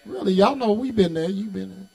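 A middle-aged man preaching a sermon as bishop, folksy and direct with the congregation, rising from easy storytelling into shouted, sing-song preaching. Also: high-pitched, fairly quick, vocal fry. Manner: folksy, talks back to the congregation. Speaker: bishop and pastor.

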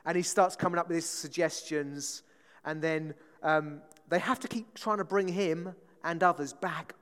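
In a long-reverberating church hall, a man with a somewhat high, slightly bright, smooth voice preaches in a casual, talkative way. His intonation stays fairly even as he keeps checking in with the congregation with quick questions, often asking "right?"

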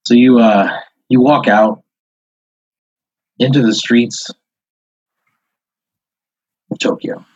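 A man improvising a comic tabletop story as game master, halting and rambling as he narrates. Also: medium pitch, a little mellow, breathy edge, no room sound. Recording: dull, dry lo-fi audio.

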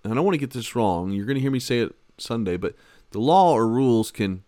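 A man who is a pastor and podcast host, giving a conversational Bible teaching in an emphatic way, repeating his key words and swinging between loud and soft. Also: mid-range voice, lively intonation, quick pace, no echo, studio quality.

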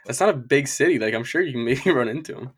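A man's voice: medium pitch, expressive, fast talker, slightly rough. A young man co-hosting a casual podcast, laid-back, laughing often and calling his friend "man" and "dude". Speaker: podcast co-host, school staff. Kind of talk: casual chat.

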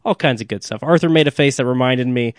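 A man's voice: mid-range voice, fast talker, no echo, clean studio sound. A man co-hosting a movie podcast, talking casually with frequent restarts and filler uhs. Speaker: podcast co-host. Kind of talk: casual movie discussion and show plugs.

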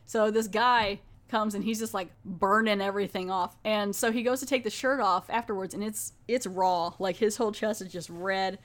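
A woman's voice: mid-range voice, fairly even intonation, moderate pace, hardly any pauses. Chatty woman recapping a TV episode. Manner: chatty, filler-heavy, often restarts. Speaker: podcast host.

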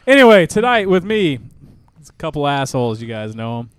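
A man's voice: fairly high pitch, sing-song, brisk, clear, resonant tone. Joking male podcast host. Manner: loud, joking, playful. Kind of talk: casual comedy podcast chat.

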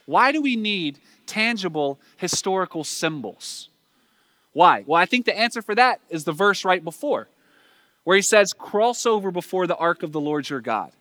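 A man's voice: sits high, big pitch swings, normal speed, sharp tone, no echo, clean studio sound. A man with a Southern US accent preaching a sermon in a conversational way, asking the listeners rhetorical questions.

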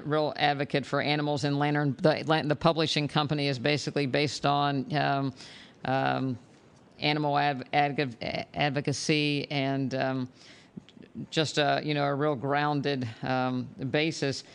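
A man, a doctor hosting an interview, talking in a halting way with many restarts. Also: fairly high pitch, level tone, vocal fry, a bit bright, clean tone. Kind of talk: casual interview chat.

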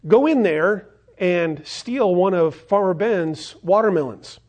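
A pastor voices a bully bear boy from a storybook, taunting and goading. His voice rises higher and pushes louder on the dares. It stays close to a man's everyday speaking voice. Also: animated, slow, exaggerated voice. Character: teasing bully boy bear, gang leader.

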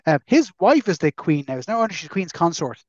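An Irish man co-hosting a podcast in casual, jokey chat, quick to slip into silly voices. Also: fairly high pitch, big pitch swings, dry recording, highs cut off. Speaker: podcast co-host.

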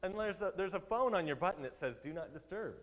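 A man's voice: high-pitched, animated, fast, in a large hall. A man, a pastor, giving a conversational sermon and laughing now and then at his own jokes.

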